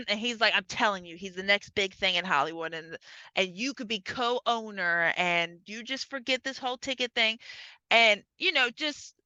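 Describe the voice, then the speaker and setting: A woman's voice: sharp tone, clean tone, dry recording, dull audio. A woman co-hosting a podcast, casually retelling a film's scenes and acting out the characters. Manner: acts out characters, drops low for men. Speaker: podcast co-host. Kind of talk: casual chat recapping a film.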